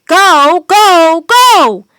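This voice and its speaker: A woman reading a storybook aloud, voicing a brave young boy who shouts fiercely. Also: high voice, normal speed, dry recording, studio quality. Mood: shouting fiercely. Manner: loud, shouting.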